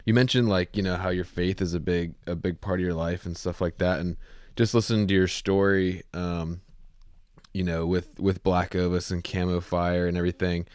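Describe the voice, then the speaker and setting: A man hosting a podcast interview, relaxed and chatty, affirming his guest before asking a long question. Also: sits low, moderate pace, clean tone, dry recording, clean studio sound. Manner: relaxed, full of fillers, affirming. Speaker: podcast host. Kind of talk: casual interview.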